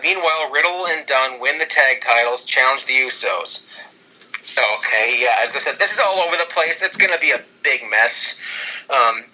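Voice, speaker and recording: A man on a podcast excitedly pitching storylines in casual chat, rambling and often restarting his sentences. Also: poor audio. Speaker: podcast co-host.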